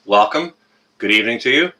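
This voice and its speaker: A man's voice: medium pitch, lively intonation, fairly quick, sharp tone. A man with a Canadian accent hosting a casual live-stream chat on a webcam and greeting viewers one by one by name. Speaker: livestream host.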